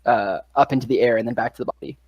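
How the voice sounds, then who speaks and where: A woman's voice: a bass voice, racing, darkish tone, breathy edge, no room sound, dull audio. Lady dungeon master, casual, lots of likes and uhs, dry room. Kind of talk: narrating a tabletop game.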